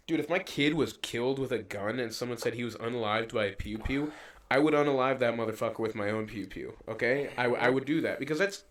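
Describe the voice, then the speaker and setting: A young man co-hosting a podcast, chatting casually and rambling with lots of swearing, getting animated when he quotes people. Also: mid-range voice. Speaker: podcast co-host. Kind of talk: casual chat.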